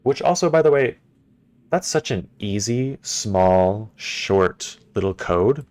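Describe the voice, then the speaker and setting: A man's voice: on the low side, lively intonation, slow, a little mellow. A man streaming a puzzle game, chatting casually with his viewers and thinking aloud as he plays. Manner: chatty and playful, answers chat, thinks aloud. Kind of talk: casual live-stream commentary.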